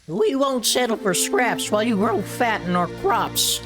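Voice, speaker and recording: Brief: a high, wildly swooping rabble-rouser, threatening, game audio under loud music. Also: male voice, big pitch swings, unhurried, heavily acted. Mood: defiant, threatening. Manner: shouting defiance. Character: angry male villager agitator, loud and threatening. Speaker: game voice actor.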